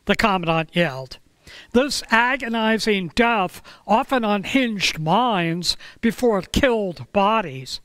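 A man preaching a sermon, telling a story in a slow, measured way with dramatic pauses. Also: high-pitched, expressive, fairly bright tone, smooth, no room sound. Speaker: pastor.

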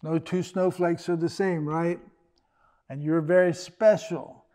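Older guy preaching, kinda high voice, chatty and jokey, trips over words a bit. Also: steady tone, dark tone. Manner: conversational, joking asides with quick restarts. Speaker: pastor. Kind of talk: sermon.

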